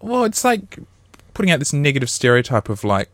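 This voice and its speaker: A man's voice: on the high side, very animated, fairly quick, a bit bright, no room sound. A man chatting casually on a podcast, his voice rising and falling a lot as he muses in a loose, wry way. The sound is close and dry, with no room around it. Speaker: podcast co-host.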